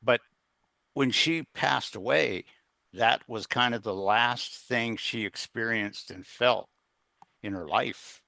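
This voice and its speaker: A man's voice: medium pitch, slow pace, vocal fry, pushed and bright, dry recording. A middle-aged man telling a personal story as a guest in an interview, rambling, with plenty of fillers and restarts. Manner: earnest, plain-spoken. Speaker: guest, executive coach.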